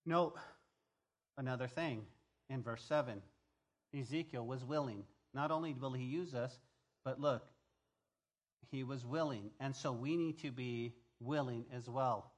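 Animated preacher man, loud then hushed. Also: fairly high pitch. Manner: animated preaching, swings between loud emphasis and quiet, hushed asides; talks straight to the congregation, asking if they follow. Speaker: pastor. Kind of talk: sermon.

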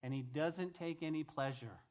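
A man's voice: on the high side, moderate pace, darkish tone. Man, pastor, conversational sermon, scripture reading, casual paraphrase. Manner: conversational preaching, reads scripture aloud and paraphrases it.

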